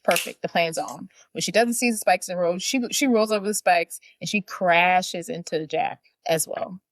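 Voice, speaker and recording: A woman's voice: on the low side, moderate pace. A young adult woman co-hosting a podcast, chattily retelling a movie plot and acting out the characters' lines. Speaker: podcast co-host. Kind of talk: casual movie recap.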